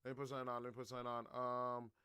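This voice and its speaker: A young man streaming, riffing loudly and casually in slang while reacting to clips. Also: medium pitch, very fast, clear, resonant tone, dry recording, studio quality. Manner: loud, slangy, animated riffing.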